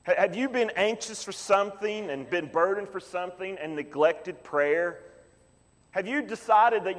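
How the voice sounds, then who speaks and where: A man preaching a sermon as pastor, emphatic, swinging from loud pleading to quiet low asides. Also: normal speed, long reverb tail.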